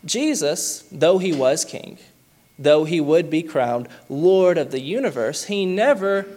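A man preaching a sermon, earnest, slowing down to stress key words and reading scripture aloud. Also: a little high, lively intonation, a little mellow. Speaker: pastor.

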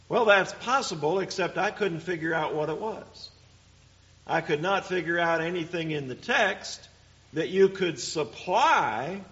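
Slow, high-voiced man preaching a sermon. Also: a bit bright. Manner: deliberate, emphatic Bible teaching with rhetorical questions. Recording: dull lo-fi recording.

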